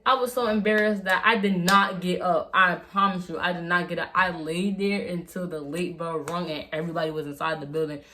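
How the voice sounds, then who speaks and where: A woman's voice: lowish voice, steady tone, brisk, few pauses, pushed and bright, slight background noise. Rambling young woman telling a story. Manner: rambling, slangy, many fillers and restarts. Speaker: vlogger. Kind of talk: casual storytime.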